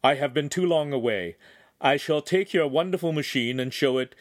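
A man playing a haughty young nobleman, raised pitch. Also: normal speed, natural voice. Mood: smoothly haughty. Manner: imperious, raises his voice. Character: arrogant young male noble, haughty and threatening.

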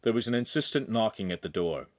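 A man reading a novel aloud as scripted narration, with expressive storytelling. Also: fairly low pitch, fast. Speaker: audiobook reader.

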